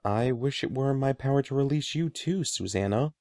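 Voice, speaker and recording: A man reading the lines of a gentle, ominous old sorcerer, slow, soft and solemn. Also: medium pitch, no echo, studio quality, natural voice.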